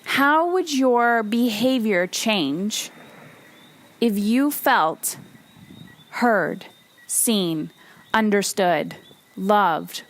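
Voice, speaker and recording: A woman hosting a solo motivational podcast, talking emphatically and bluntly, with some swearing and repeated phrases for emphasis. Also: medium pitch. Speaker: podcast host and coach.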